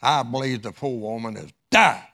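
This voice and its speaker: A man preaching a sermon through a dramatic story, with his voice rising loud and dropping low. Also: moderate pace. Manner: dramatic, wide swings in loudness.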